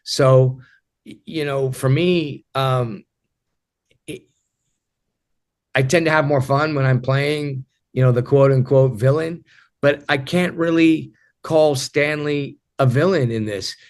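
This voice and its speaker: A man in his fifties answering interview questions as an actor, reflective and halting, with frequent repeated starts. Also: medium pitch. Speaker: actor guest.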